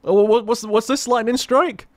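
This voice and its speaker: A man's voice: very high-pitched, fairly even intonation, normal speed, dry recording. A man in casual rambling chat as a gaming commentator, chatty, laughing at himself and swearing freely.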